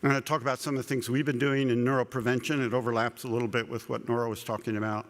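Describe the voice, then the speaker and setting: A man's voice: medium pitch, little pitch movement, racing. A man giving a conversational scientific lecture at a conference, often repeating words and dropping humorous asides. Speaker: conference speaker. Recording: long echo of a large hall.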